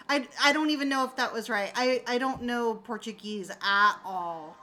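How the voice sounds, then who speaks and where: A woman's voice: a little high, moderate pace, few pauses, bright, forceful tone, soft background music. A woman streamer chatting casually with her viewers, telling stories animatedly and laughing often. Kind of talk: casual chat.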